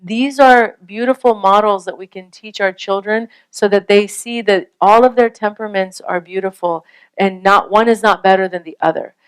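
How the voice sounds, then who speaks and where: A woman's voice: mid-range voice, normal speed, clear, resonant tone, rough recording. A woman giving an earnest, conversational talk on parenting and faith, often checking in with her listeners with a rhetorical question. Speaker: Islamic parenting speaker. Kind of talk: casual lecture.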